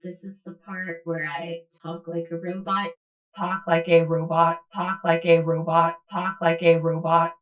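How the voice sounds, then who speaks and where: A woman putting on a slow, mechanical robot voice as a joke on her podcast. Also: lowish voice, pitched below the performer's own voice, close to an everyday voice, rough recording. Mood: deadpan. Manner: slow, flat, mechanical repetition. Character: flat monotone female robot.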